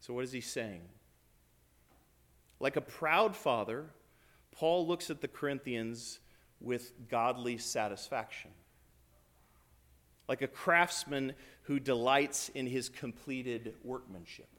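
A priest delivers a sermon in church, his voice sitting a little above the usual male pitch. He preaches in an animated, conversational way and swells in force when he acts out quoted lines.

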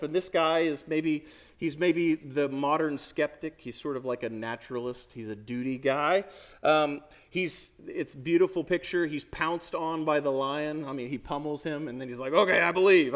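A priest preaches a sermon in a lively, chatty manner, turning often to his listeners with direct questions. His voice sits a little high for a man. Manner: lively, conversational preaching with asides to the congregation.

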